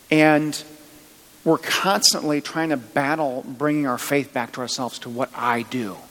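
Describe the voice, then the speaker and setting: Conversational pastor, reverberant hall. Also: male voice, mid-range voice, fairly bright tone. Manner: conversational, joking asides. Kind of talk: sermon. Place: church.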